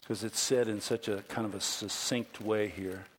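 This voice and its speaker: A man pastor preaching a sermon, dramatic, dropping to whispers and rising to loud emphasis. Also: on the low side, fairly even intonation, moderate pace, slight background noise.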